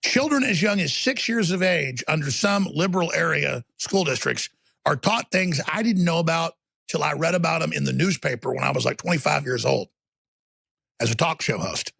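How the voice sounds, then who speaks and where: A male radio talk host in full rant, his voice high-pitched and gravelly with a husky edge. He lurches between shouted tirades and low muttered asides, recorded dry and close on a studio broadcast mic. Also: animated, normal speed, no echo. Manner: ranting, swings from shouted outbursts to low muttering. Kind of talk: fiery on-air rant.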